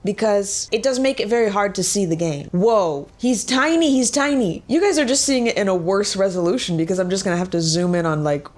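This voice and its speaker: A woman giving casual, joking gameplay commentary with quick, excitable exclamations. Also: mid-range voice. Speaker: gaming video creator.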